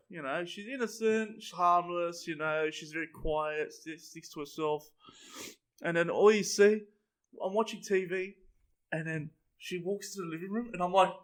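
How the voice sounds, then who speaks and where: A young man chatting casually, telling a laid-back story. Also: high voice. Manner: relaxed, laid-back storytelling, says bro a lot.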